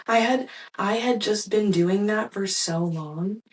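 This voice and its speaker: A young woman hosting her own podcast, telling a personal story in a candid, reflective way with soft laughs and fillers. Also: medium pitch, takes it slowly, distant mic, rough recording. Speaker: podcast host.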